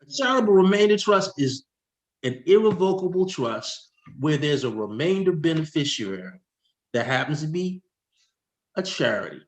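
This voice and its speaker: A man, a tax expert guest, explaining with slides in an excitable, rushing way that keeps interrupting itself. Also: a little high. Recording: echoey room.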